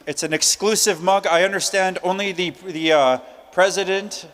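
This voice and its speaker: At a live conference, an emcee with a high, light voice draws and announces prize winners in a loose, joking, chatty manner. He talks at normal speed with a fairly bright tone, and the big hall gives his voice a long, ringing reverb.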